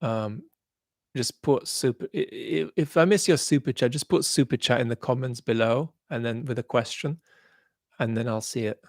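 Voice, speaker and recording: A man's voice: medium pitch, moderate pace, gravelly, a little mellow, dry recording, clean studio sound. A man hosting a live stream, reading out viewer comments, with a mixed accent that holds traces of Australian and London. He talks thoughtfully, with many ums, and turns blunt when he judges. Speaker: livestream host.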